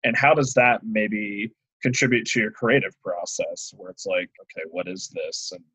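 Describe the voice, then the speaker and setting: A man's voice: lowish voice, normal speed, bright, forceful tone, breathy edge, no echo. A man hosting a casual interview, asking long questions and often chiming in with short agreements. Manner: affirming, frequent short agreements. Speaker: interviewer, podcast host. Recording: dull, dry, lo-fi recording.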